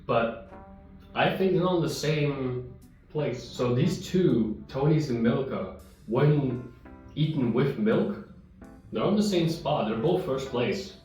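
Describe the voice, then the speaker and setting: A man with a mid-range, animated voice talks slowly with long pauses as he samples chocolate for his vlog. His chat rambles, and he sometimes chews while speaking; the room is very echoey, the mic distant, and soft guitar music plays.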